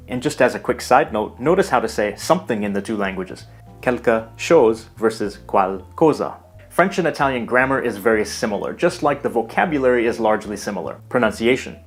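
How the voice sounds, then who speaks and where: A man giving a scripted language lesson in a measured, explanatory way. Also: medium pitch. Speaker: language teacher. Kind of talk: scripted educational narration.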